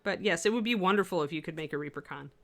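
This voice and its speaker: Speaking very fast in a fairly low, slightly bright voice, this woman co-hosts a livestream about painting miniatures. Her talk is loose and rambling, packed with fillers, and she responds to comments from viewers in a casual chat.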